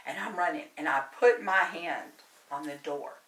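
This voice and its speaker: A woman's voice: on the low side, normal speed. A woman, a medium and tarot reader, telling a story in casual chat, talking a lot and laughing often. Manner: animated, chatty, laughs often. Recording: roomy, distant mic, faint noise.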